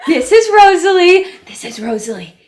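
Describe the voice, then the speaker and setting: A woman's voice: very high-pitched, very animated, normal speed, heavily acted. A woman voicing a shy, emotional young adventurer who gushes and giggles. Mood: gushing. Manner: gushing and giggly.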